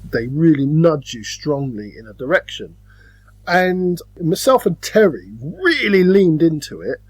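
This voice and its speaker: Male podcast co-host, lively pitch, slightly raised voice, dry close sound, breaks into goofy voices. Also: dry recording. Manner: animated, slips into silly put-on voices. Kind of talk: casual chat about board games.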